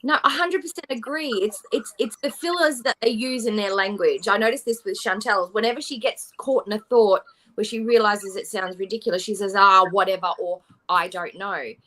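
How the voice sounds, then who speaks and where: A woman co-host calmly explaining why a dynamic is abusive, firm and analytical. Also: mid-range voice, brisk.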